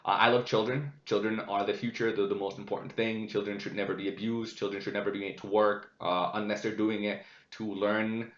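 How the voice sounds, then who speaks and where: A young man hosting a personal vlogcast, retelling stories from medical training in an emotional, profane, animated way with frequent restarts. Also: fairly low pitch, brisk. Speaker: vlogcast host. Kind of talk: casual personal storytelling. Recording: echoey room, dull lo-fi sound.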